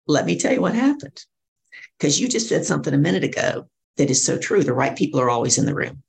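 A middle-aged woman, a professional speaker and coach, telling her story in an interview and acting out other people's lines in lively voices. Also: low voice, fast talker, vocal fry.

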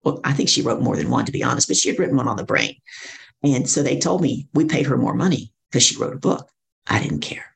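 A middle-aged woman, a professional speaker and coach, telling her story in an interview and acting out other people's lines in lively voices. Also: extremely low pitch, fast, vocal fry.

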